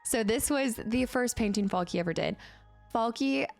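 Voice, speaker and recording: A woman streamer chatting casually on a live stream, excitable and giggly, cooing to her cat at her home desk. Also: on the high side, normal speed, vocal fry. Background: faint film music.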